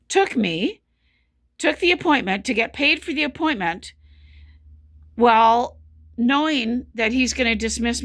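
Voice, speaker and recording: A woman's voice: on the high side, fairly bright tone. A woman telling her own story as a patient, in an earnest, frustrated way and with lots of repetition. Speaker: patient sharing her experience. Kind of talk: casual spoken commentary.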